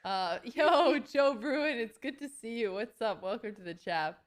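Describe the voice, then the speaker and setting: A woman's voice: fairly high pitch, lively intonation, unhurried. Chatty young woman hosting a stream. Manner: chatty, greets viewers and thanks them between stories. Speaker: streamer host. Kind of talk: casual chat on a livestream.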